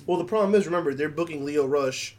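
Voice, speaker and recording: Wry, teasing man with a slightly high voice. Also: fast talker, darkish tone. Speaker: podcast co-host. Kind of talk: casual chat.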